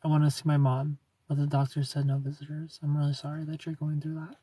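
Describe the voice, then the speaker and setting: A man from Ohio hosting a casual livestream, reading viewer comments aloud in a soft, low-key way and slipping into quiet asides. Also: monotone, fast, breathy edge, dry recording. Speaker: livestream host.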